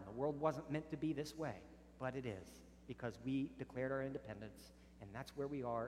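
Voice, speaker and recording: A man's voice: fairly high pitch, a little hiss or hum. Man preaching in a reverberant hall. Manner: earnest preaching, drops soft on solemn lines, rises sharply in acted arguments. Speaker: pastor. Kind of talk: sermon.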